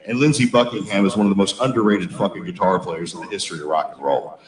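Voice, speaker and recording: A man telling stories in a casual chat, swearing freely and talking with loud, boisterous energy. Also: low voice, fairly even intonation, fast, reverberant, a crowd in the background, poor audio. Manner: profane, boisterous storyteller. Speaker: musician.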